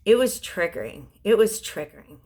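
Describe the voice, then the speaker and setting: A young woman giving a gentle, soothing tarot reading, often restarting her sentences and sometimes dropping to a whisper. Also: mid-range voice, big pitch swings. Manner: halting restarts and repeated words. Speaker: tarot reader. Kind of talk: intuitive tarot reading to a viewer.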